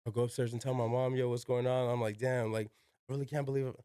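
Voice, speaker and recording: Brief: young adult man, podcast guest, clear resonant voice, dry close sound, loose slangy storytelling with cursing. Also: mid-range voice, flat delivery, quick pace, dark tone, no room sound. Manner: slangy, peppered with "yo" and "like", swears freely. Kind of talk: casual storytelling.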